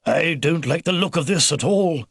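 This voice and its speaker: A man voicing an elderly male beaver, a steady, fatherly grandfather who breaks his orders with small hesitations. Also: on the high side, normal speed, creaky, husky, no room sound, clean studio sound, exaggerated voice. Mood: urgent.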